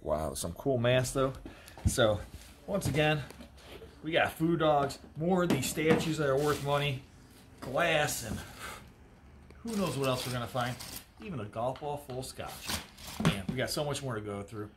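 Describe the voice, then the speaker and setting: A man, an auctioneer, giving casual, joking commentary while unboxing, with excited exclamations. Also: mid-range voice, a little slow, pauses often. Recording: noisy background with crinkling.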